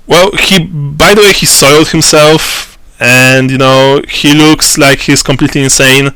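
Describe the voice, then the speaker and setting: A man narrating a tabletop role-playing game as game master, slow and halting with many fillers and restarts. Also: on the high side, steady tone, pushed and bright, clean tone, dry recording.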